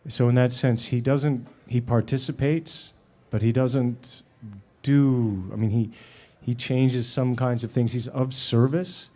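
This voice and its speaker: Hesitant, soft-spoken man in his fifties. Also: mid-range voice, fairly even intonation. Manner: halting, many fillers and restarts, acts out quoted voices. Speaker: film director and actor. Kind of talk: relaxed storytelling in a live Q&A.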